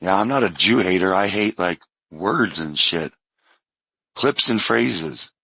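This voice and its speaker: Bright joking man. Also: sits low, animated, takes it slowly, gravelly, husky, dry recording, rough recording. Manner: joking, loose and slangy. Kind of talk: casual online group chat.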